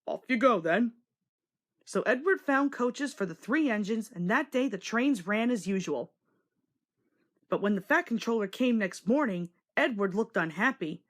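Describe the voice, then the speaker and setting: A woman narrates a children's storybook read-along with an expressive, storytelling delivery. Her pitch moves up and down a lot, keeping the read-along lively. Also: moderate pace.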